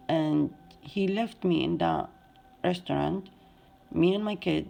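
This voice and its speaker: A woman in her forties with an Arabic accent, a native Arabic speaker, telling her own story in plain, halting English. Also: deep voice, creaky, dark tone, faint music behind. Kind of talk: personal testimony.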